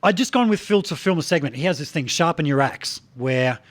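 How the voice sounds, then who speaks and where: A man hosting a podcast in casual chat, telling stories fast with stutters and restarts. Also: a little high, expressive, no echo. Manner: quick, stuttering storyteller. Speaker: podcast host.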